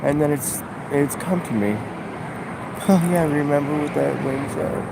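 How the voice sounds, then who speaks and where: A man vlogging a halting, musing spiritual monologue, full of fillers. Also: on the high side, creaky. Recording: outdoor traffic noise.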